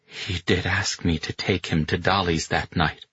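A man voicing a young Italian man, accusing and shouting, then sick with guilt. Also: deep voice, steady tone, unhurried, husky, no room sound, dull audio, exaggerated voice. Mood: anguished.

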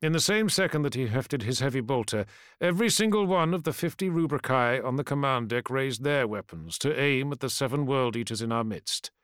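A man narrating a first-person fantasy audiobook in a measured, grave storytelling voice. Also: medium pitch, expressive, a bit bright, smooth, dry recording, clean studio sound.

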